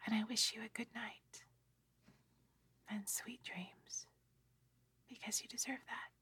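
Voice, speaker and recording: A tired middle-aged woman in a soft, rambling, gently self-mocking whispered ASMR ramble, close to the microphone. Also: a little high, fairly even intonation, slow. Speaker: ASMR creator.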